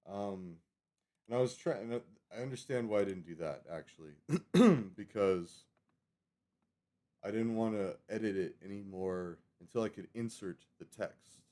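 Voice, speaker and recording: A man's voice: lowish voice, measured pace, warm tone. A man in his thirties chatting casually on a live stream, rambling from topic to topic and correcting himself as he goes. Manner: chatty, digressive, self-correcting.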